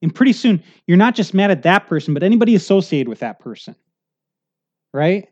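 Middle-aged guy pastor giving a sermon, kinda high voice, chatty and earnest, dull lo-fi sound. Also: very animated, fairly quick, a little mellow. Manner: earnest, conversational preaching with frequent "okay?" check-ins.

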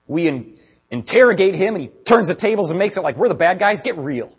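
A man preaching a sermon as pastor, talking casually to his congregation and building to loud, emphatic stretches. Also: high voice, fairly quick, husky. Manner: animated, builds to raised emphatic delivery.

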